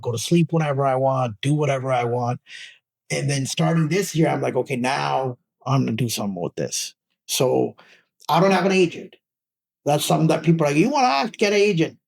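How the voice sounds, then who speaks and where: A man with a Canadian accent, an actor talking casually in an interview, animated and emphatic as he makes his points. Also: a little fast, vocal fry. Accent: Canadian English. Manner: animated, emphatic, rising pitch when making a point. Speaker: actor guest.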